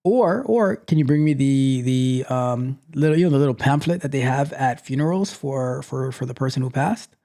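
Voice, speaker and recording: A man hosting a live tech question-and-answer show, giving advice in a lively, mock-scolding way and often repeating phrases. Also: mid-range voice, normal speed, creaky, few pauses. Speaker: host.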